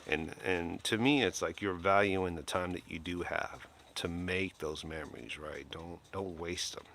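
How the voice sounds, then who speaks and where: Deep-voiced older man chatting warmly. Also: a little slow, slight background noise. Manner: rambling and heartfelt, many fillers and restarts; emotional, kind-hearted. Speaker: live streamer. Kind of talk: casual chat to viewers.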